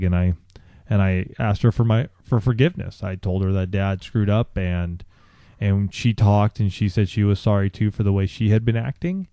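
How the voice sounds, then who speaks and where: A man co-hosting a podcast, telling a candid personal story in a halting way, with many restarts and fillers. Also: sits low, warm tone, clean tone, no echo. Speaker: podcast co-host.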